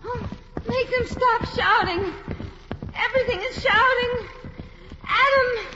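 A woman's voice: high-pitched, measured pace, lo-fi sound. An actress playing a young woman from the American South, delirious with fever, talking in a breathless, pleading way.

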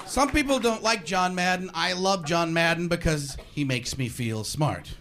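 High-voiced sarcastic male stand-up comic. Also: moderate pace, some chatter behind, a little hiss or hum. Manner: animated, sarcastic storytelling. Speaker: stand-up comedian. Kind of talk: stand-up comedy. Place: comedy club stage. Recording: live club with audience laughter.

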